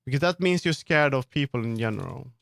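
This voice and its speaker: On a live stream, a man answers his viewers' chat while customizing 3D models, turning firm and earnest when he sets limits. His medium-pitched voice is expressive, fast and fairly bright, with vocal fry. The recording is dry and studio quality.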